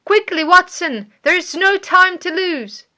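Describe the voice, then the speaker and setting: A woman reading the part of a sharp, commanding male detective in an audiobook, brisk and urgent when alarmed. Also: fairly high pitch, animated.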